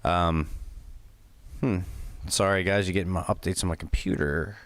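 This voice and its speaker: A man's voice: low-pitched, fairly even intonation, moderate pace, no echo. A man hosting a live stream, chatting casually with many fillers and apologies. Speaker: streamer commenting on a live event.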